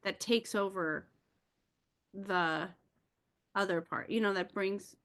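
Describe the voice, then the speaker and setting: A woman with a bright, crisp voice co-hosts a podcast. She speaks in an open, reflective, self-disclosing way. She shares her thoughts in a thoughtful, conversational manner. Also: medium pitch, slow pace. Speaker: podcast co-host.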